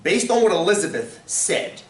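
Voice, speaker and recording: A man teaching a statistics class, animated and full of questions for his students. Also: high voice, normal speed. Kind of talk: classroom lecture. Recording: roomy, from far off, faint room noise.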